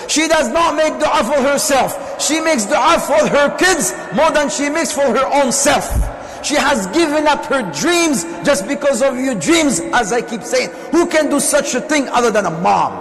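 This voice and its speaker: Male preacher with a very high voice, fervent and repetitive, recorded in a reverberant prayer hall. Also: expressive, measured pace. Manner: impassioned, repetitive phrasing, rising to shouts. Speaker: visiting sheikh and speaker. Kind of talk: sermon to a live congregation. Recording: echoey hall with faint room noise.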